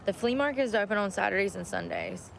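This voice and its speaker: A woman who live streams, chatting casually in a soft, meandering way with many fillers. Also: medium pitch, fast, vocal fry, slight background noise. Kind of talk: casual chat.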